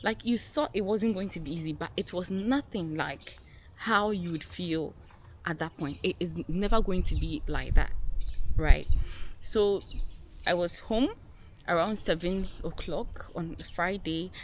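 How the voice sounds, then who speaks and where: A young woman vlogger telling a personal story to her viewers in a casual, animated way, laughing often and acting out what people said. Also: fairly low pitch, measured pace, a little hiss or hum. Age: young adult. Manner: animated, laughing, acts out quotes.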